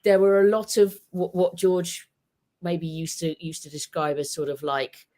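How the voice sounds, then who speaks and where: A man chatting about football on a podcast, telling stories in an animated way, with many restarts. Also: sits high, measured pace. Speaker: podcast guest. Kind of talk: casual football chat. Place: home with a dog.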